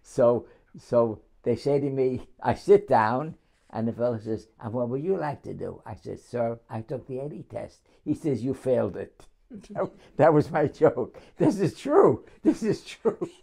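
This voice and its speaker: Gravelly older man. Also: medium pitch, lively intonation, warm tone. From New York City. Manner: chuckling anecdotal storyteller, halting restarts. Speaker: war veteran interviewee. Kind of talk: oral history storytelling.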